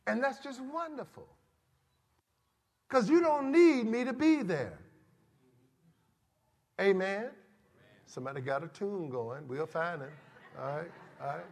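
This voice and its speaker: Male preacher, soaring pitch swings, drawn-out pacing, sermon in a reverberant hall. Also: breathy edge. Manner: emphatic, swings from shouts to quiet asides.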